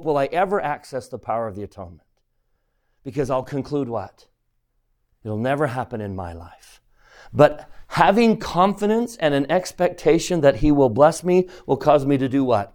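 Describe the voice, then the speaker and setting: A man's voice: on the high side, darkish tone. A man teaching a scripture class, earnest and pleading, often asking the students questions. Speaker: religion teacher.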